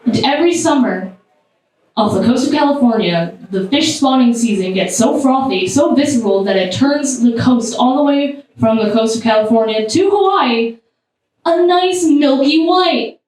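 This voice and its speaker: A woman performing a stand-up comedy set, animated, with sudden high squeals. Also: moderate pace. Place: comedy club stage. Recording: echoey club sound from far off.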